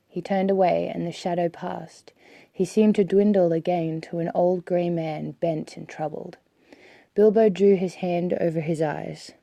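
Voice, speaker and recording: A woman reading an audiobook aloud in an unhurried, even narration. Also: lowish voice, vocal fry, no room sound. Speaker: audiobook reader.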